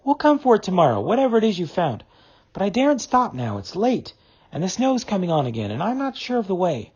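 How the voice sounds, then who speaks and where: A man voicing a cheerful, practical male water rat who talks briskly and hurries his friend along. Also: high-pitched, wildly swooping pitch, mellow, breathy edge, highs cut off, voice pushed up, exaggerated voice. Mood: urging.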